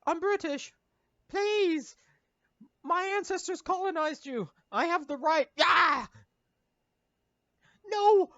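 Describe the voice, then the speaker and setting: A man putting on a whiny British brat. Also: dry recording. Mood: pleading. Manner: pleading, shrill and indignant. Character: whiny bratty young British boy, entitled. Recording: dull lo-fi sound.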